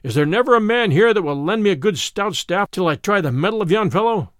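A man's voice: sits high, animated, a little fast, fairly bright tone, dry recording, clean studio sound. A man doing a big hearty young yeoman. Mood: steady. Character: huge good-humoured young yeoman, slow to anger.

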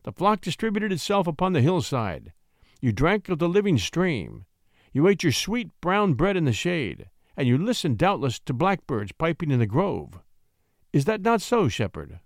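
A man's voice: fairly high pitch, sing-song, moderate pace, dry recording, clean studio sound, pitched above the performer's own voice. A man voicing a melancholy, weary king who muses wistfully. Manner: wistful, lingering musing. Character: melancholy brooding male king, dreamy and weary.

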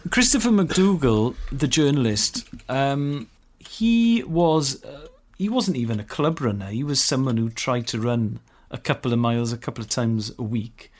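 A man's voice: mid-range voice, animated, moderate pace, few pauses. A man co-hosting a podcast, telling stories in a casual, enthusiastic way and laughing often. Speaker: podcast co-host. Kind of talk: casual chat.

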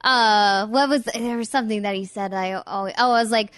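A woman's voice: medium pitch, a little fast, clean tone, dry recording. Gushing young woman podcast host. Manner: warm, gushing, lots of "like" fillers. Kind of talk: casual interview chat.

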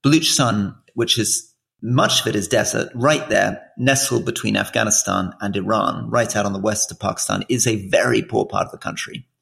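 Gravelly-voiced man explaining earnestly. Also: fairly low pitch, normal speed, a bit bright. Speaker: podcast co-host. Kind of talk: casual political chat.

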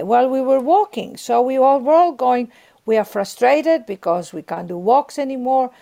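A woman's voice: fairly high pitch, creaky, darkish tone. A woman guest on a podcast, earnestly giving spiritual advice and encouragement, often repeating herself.

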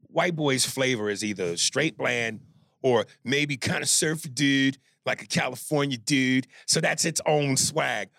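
A man's voice: on the high side, gravelly, a bit bright, no room sound, clean studio sound. A man co-hosting a podcast, trading crude jokes in casual chat. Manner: crude, joking banter. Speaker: podcast co-host.

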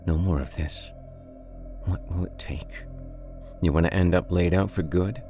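A man's voice: low-pitched, unhurried, warm tone, faint music behind. A man voicing a small, tormented female fairy in a horror story, agitated and talking to herself.

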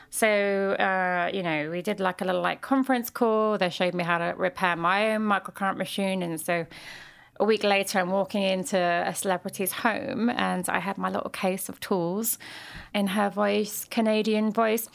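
A London woman talks as a podcast guest, spinning lively anecdotes. Her voice has a gravelly, fry-edged texture at a mid pitch, and she acts out the voices of the people in her stories. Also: moderate pace. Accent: London English. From London, England. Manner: lively storyteller who acts out quoted dialogue. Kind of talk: casual interview storytelling.

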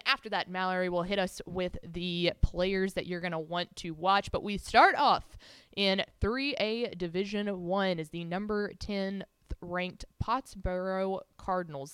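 An upbeat woman hosting a sports talk show, her voice very smooth and resonant. She chats casually and reels off numbers and team notes. The sound is close and dry. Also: fairly low pitch, measured pace, a bit bright, no echo. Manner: upbeat, chatty, rattles off stats. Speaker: podcast co-host.

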